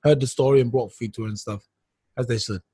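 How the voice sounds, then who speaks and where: A man's voice: medium pitch, steady tone, quick pace, warm tone. A man co-hosting a casual talk show, telling stories in a rambling way, restarting often and laughing through his words. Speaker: podcast co-host. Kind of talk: casual chat, storytelling.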